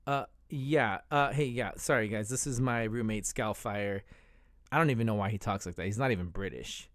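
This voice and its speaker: A man's voice: lowish voice, normal speed, fairly bright tone, no echo, clean studio sound. A man hosting a casual video review, chatty and joking.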